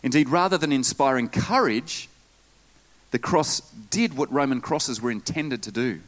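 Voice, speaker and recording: A man preaching a sermon in church, lively, with asides and jokes to the congregation. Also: medium pitch, normal speed. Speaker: pastor.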